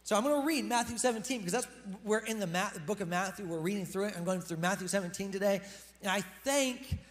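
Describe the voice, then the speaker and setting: A man's voice: high-pitched, fast talker. A male pastor giving a sermon in a chatty, casual way, talking straight to his congregation in a church hall.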